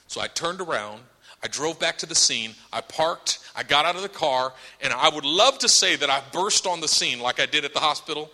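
A man's voice: a little high, moderate pace. A man preaching a sermon in a church, telling a story with humor and acting out voices. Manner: animated, acts out voices, humorous asides. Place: church sanctuary. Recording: long hall reverb.

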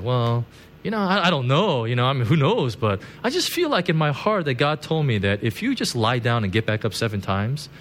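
A male pastor giving a loose, conversational sermon, his pitch swinging up and down as he talks. He keeps tagging on "right?" and "you know", and chuckles at his own stories. A faint hum of room ambience sits behind him. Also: a bit bright. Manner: chatty, constant "right?" and "you know" asides.

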